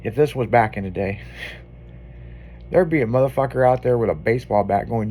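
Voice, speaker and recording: A male radio host spinning a rambling, profane story in casual banter. His voice sits in an ordinary middle pitch and he talks loosely, acting out bits of the tale as he goes. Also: a little fast, warm tone, slight background noise.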